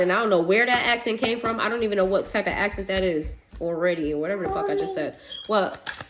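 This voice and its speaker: A woman's voice: mid-range voice, very animated, fairly quick, background noise. Blunt woman giving a tarot reading. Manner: blunt, swears, laughs, talks straight to viewers. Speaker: tarot reader. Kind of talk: casual tarot reading to camera.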